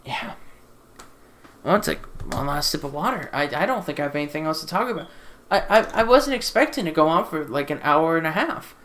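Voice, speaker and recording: A woman's voice: low voice, lively intonation, brisk, a bit bright, a little hiss or hum. Exasperated woman ranting on a desk mic. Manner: exasperated, repeats herself, swears. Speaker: film reviewer. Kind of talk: casual ranting film review. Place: sitting in a chair at home. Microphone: desktop USB microphone.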